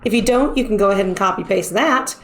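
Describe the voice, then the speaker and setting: A woman's voice: mid-range voice, quick pace. A woman streamer chatting casually as she wraps up a live stream, rambling with lots of fillers. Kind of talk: casual stream wrap-up chat.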